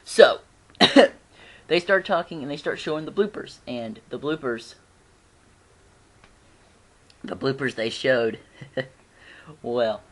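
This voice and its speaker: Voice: medium pitch, slow, pauses often. A fan reviewer chatting casually at home, rambling with frequent giggles and restarts.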